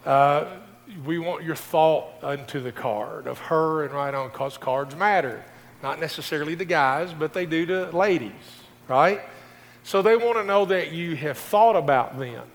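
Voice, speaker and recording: A man's voice: on the high side, measured pace. A middle-aged male pastor preaching a folksy sermon, speaking directly to his congregation. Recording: distant voice in a reverberant hall.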